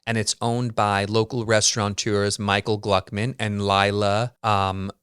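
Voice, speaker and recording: Male podcast host, low-set smooth voice, dry close sound, wry casual storyteller. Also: little pitch movement, measured pace, fairly bright tone, dry recording. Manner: chatty and wry, heavy use of "like".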